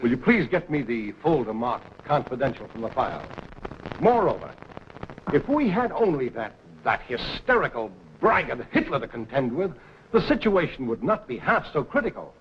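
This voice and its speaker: A man's voice: medium pitch, sing-song, normal speed, slight background noise, close to an everyday voice. A man playing an impassioned anti-Nazi publisher. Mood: urgent. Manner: impassioned, oratorical. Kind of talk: 1940s film acting. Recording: dull lo-fi 1940s film sound.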